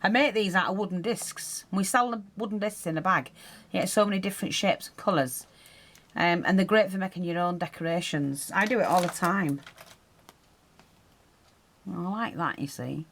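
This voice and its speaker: A woman's voice: lowish voice, normal speed, a bit bright, slight background noise. A woman teaching a hands-on craft tutorial, chatting and explaining as she works, her breathing audible while she concentrates.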